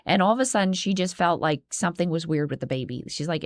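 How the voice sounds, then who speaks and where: Woman co-host, lowish voice, earnest and halting, dry recording. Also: no echo. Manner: earnest, halting, with restarts and fillers. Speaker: podcast co-host. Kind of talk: casual chat.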